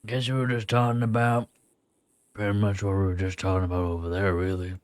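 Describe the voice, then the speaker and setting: A man's voice: fairly low pitch, little pitch movement, a little fast, no echo. A man in a game role-play, sounding tired and easygoing. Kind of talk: in-character role-play chat.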